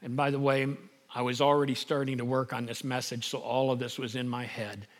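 A middle-aged man preaching a sermon as pastor, emphatic and building to loud peaks. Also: mid-range voice, flat delivery, fairly quick, in a large hall.

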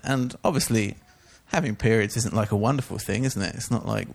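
A man's voice: lowish voice, brisk, creaky, few pauses. A man giving a casual, chatty Bible teaching talk, full of informal asides. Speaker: church teacher.

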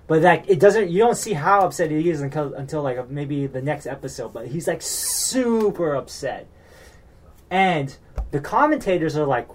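A man's voice: fairly high pitch, expressive, normal speed, slightly rough. A man from the United States chatting casually, rambling with lots of fillers and restarts and getting worked up as he recaps a reality show.

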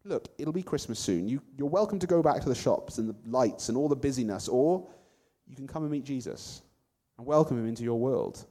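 A man's voice: mid-range voice, expressive, fairly quick, dark tone, lightly acted. A man voicing a friendly, chatty angel who speaks earnestly and with enthusiasm.

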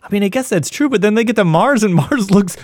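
A man's voice: sits high, lively intonation, quick pace, a little mellow, dry recording, clean studio sound. A man casually recapping a film in a podcast chat, rambling with lots of fillers.

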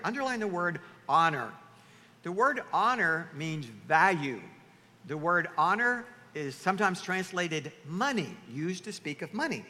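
A man preaching a sermon in a church, lively and animated, slipping into the voices of the people he quotes. His voice sits high and sounds bright and forward. The sound carries a long reverb from the hall with faint ambience behind. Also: moderate pace. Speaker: pastor. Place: church sanctuary.

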